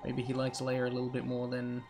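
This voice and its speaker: A man's voice: mid-range voice, monotone, fairly quick, noisy background. A young man giving casual, rambling, joking commentary over a video game playthrough. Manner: rambling, joking, self-interrupting. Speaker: gaming channel host. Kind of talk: casual let's play commentary.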